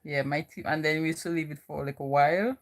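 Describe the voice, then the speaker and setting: She talks fast in a low-pitched voice with fairly even intonation. A young vlogger from the Virgin Islands, she has a Virgin Islands accent and rambles through a casual chat, leaning heavily on "you know".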